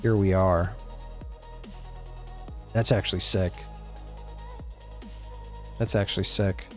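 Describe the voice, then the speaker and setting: This live streamer, a man, takes it slowly, his low voice staying fairly even in intonation. He rambles casually to chat while gaming, laid-back with occasional swearing, as soft background music plays.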